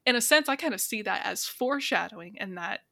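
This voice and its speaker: Woman co-host, chatty storyteller, bright and dry. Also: medium pitch, lively intonation, fast talker, creaky, no room sound. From raised Catholic. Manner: chatty, storytelling with lots of fillers. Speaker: podcast co-host. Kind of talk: casual film discussion.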